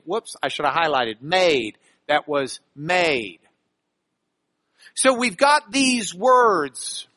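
High bright-voiced pastor teaching slowly. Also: male voice, no echo. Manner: explanatory, repeats key words for emphasis. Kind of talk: sermon teaching.

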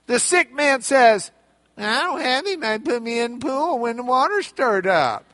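A man preaching a sermon, retelling a Bible story with animated storytelling and playful character voices. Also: extremely high pitch, normal speed, dry recording.

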